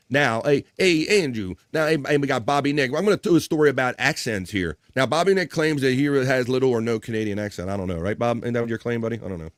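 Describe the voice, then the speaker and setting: A man hosting a casual live stream, reading out viewer comments with loose jokes and frequent laughter. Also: dry recording. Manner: loose, joking, laughs often, trails off low.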